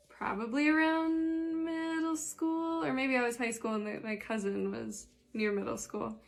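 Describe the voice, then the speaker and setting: A woman's voice: a little high, slight background noise. A young adult woman, a spiritual life coach, chatting casually with dry, sarcastic humor while reading tarot cards.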